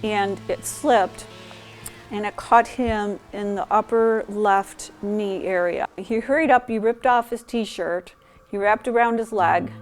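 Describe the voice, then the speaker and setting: Calm woman telling family stories. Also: mid-range voice. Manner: calm, fond storytelling. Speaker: interviewee. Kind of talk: documentary interview storytelling.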